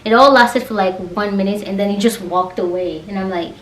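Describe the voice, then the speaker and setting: A young woman vlogging a casual storytime rant, animated and exasperated, acting out the quoted dialogue. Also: mid-range voice, brisk, far from the mic. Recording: roomy echo, voice away from the mic.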